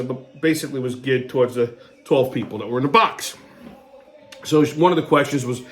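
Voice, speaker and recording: A man hosting his own show, telling a story as a comedic monologue, profane and sarcastic, swinging between low muttering and excited outbursts. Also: fairly quick. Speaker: host.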